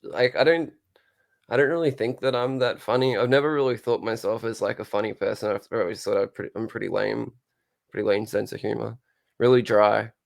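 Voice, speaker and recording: A man in a casual interview, talking in a dry, low-key, near-monotone way. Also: fairly quick, vocal fry. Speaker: guest, show co-host and musician.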